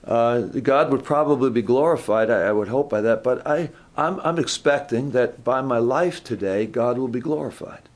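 A man's voice: medium pitch, moderate pace, few pauses. A man preaching an informal, conversational sermon, asking the congregation questions, repeating words and correcting himself.

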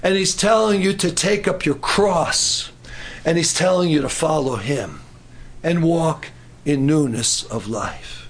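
A middle-aged man preaching a sermon in an animated way, acting out voices and breaking into shouts. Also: fairly high pitch, slow pace.

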